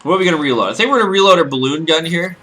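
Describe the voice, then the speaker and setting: A man's voice: fairly high pitch, expressive, very fast, pushed and bright, faint music behind. A man giving casual, rambling, joking commentary as he plays a video game. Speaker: let's play host.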